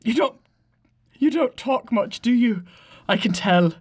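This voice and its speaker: A woman's voice: on the high side, lively intonation, measured pace, darkish tone, slightly rough, voice pushed up. A woman voicing a chatty, rambling male leprechaun hitchhiker with a Southern Irish accent, reading a comic monologue. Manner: rambling, laid-back, stumbling over words.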